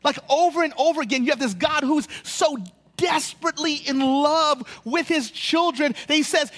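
A man preaching a sermon as a pastor, his voice sitting unusually high for a man. He talks in animated bursts, stumbling over repeated words as he restarts, then slows right down to lean on key phrases.

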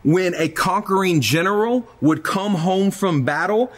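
A man preaching a sermon to viewers online, in a dramatic delivery that swings between loud urgency and a hushed voice. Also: high-pitched, unhurried. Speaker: pastor.

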